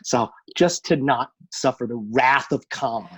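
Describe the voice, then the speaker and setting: A man from New York City with a New York accent, a guest in a casual video interview, friendly and self-deprecating with quick asides. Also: mid-range voice, fairly bright tone, husky, no echo.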